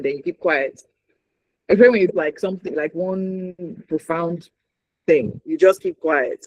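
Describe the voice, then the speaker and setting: A man's voice: on the high side, darkish tone, rough recording. A man with a Nigerian accent teaching a communication workshop, emphatic and checking in with the audience often. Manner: emphatic, checks in with frequent "right?". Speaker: communication trainer.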